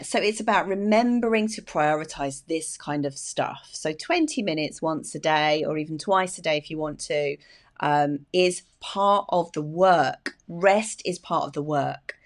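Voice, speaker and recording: A woman with a notably low voice gives casual advice to her viewers. She talks with chatty enthusiasm, filling gaps with fillers and easy laughs. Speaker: therapist and video host.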